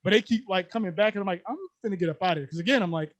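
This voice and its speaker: Young male podcast co-host, quick and high-pitched, animated slangy storyteller, dry close sound. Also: no echo, lo-fi sound. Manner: animated, slangy, laughs often. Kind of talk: casual storytelling chat.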